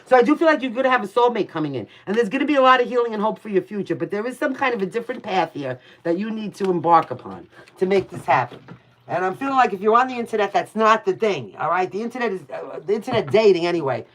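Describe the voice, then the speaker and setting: A woman's voice: medium pitch, expressive, fast, a little hiss or hum. A woman with a New York accent giving casual, blunt tarot readings on a livestream, chatting with viewers by name and swearing freely. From Brooklyn, New York.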